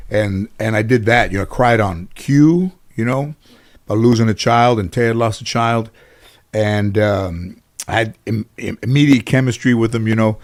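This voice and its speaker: A man's voice: fairly low pitch, moderate pace. A man telling stories as an interview guest, rambling with many restarts and fillers and acting out other people's lines. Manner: lively storyteller who acts out other people's lines. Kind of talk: casual anecdotal storytelling.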